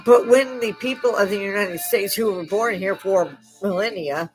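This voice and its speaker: A woman's voice: medium pitch, normal speed, faint music behind. An older woman delivering an angry, profane political rant, sarcastic and scornful, with bursts of mocking laughter. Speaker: livestream host.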